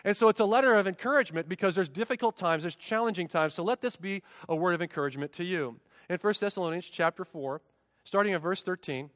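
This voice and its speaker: A man's voice: high-pitched, fast, a bit bright, no room sound, studio quality, big-room sound. A man preaching a sermon as pastor, emphatic, with rhetorical questions and repeated refrains.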